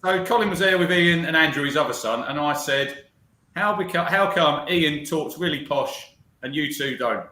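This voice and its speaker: A man co-hosts a football podcast with lots of teasing and banter. His voice is bright and slightly high. He sounds like he is in a roomy, echoey space. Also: moderate pace. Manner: teasing, banter-heavy, asks questions. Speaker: podcast co-host. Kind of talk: casual football podcast chat.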